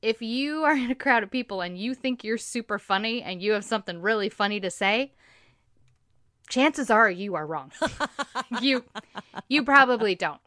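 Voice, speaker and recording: A woman's voice: fairly high pitch, expressive, normal speed, pushed and bright, dry recording, clean studio sound. A woman telling a story in casual chat, acting out the voices of people she quotes and laughing often.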